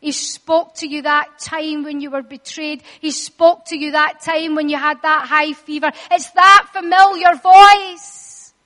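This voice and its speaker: A woman preaching a sermon, telling the story dramatically and acting out the voices, rising at times to shouts. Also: high-pitched, steady tone, measured pace. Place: church hall. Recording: long reverb of a large hall.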